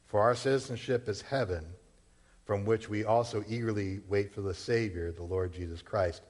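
Pastor preaching in a reverberant church. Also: male voice, on the low side, fairly even intonation, moderate pace, a little mellow. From Massachusetts. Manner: conversational preaching with rhetorical questions and asides. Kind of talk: sermon. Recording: long hall reverb.

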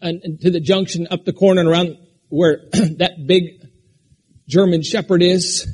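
A man from Alaska delivers a sermon in a high, husky voice. He jumps from loud, forceful proclamations to soft, personal asides aimed at one person in the pews. The rhythm is pastoral and unpredictable. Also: steady tone, moderate pace. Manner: preaching with sudden shouts and drops to a quiet conversational tone.

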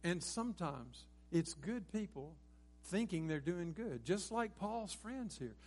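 Earnest pastor preaching. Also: male voice, sits high, sing-song, unhurried, a little mellow. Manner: earnest, builds to emphatic peaks, self-correcting restarts. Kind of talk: sermon. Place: church sanctuary.

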